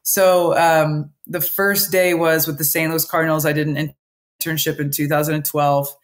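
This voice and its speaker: A woman speaking as a podcast guest, telling a candid story in an animated way. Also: deep voice, moderate pace. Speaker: podcast guest, baseball coach. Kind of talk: interview storytelling.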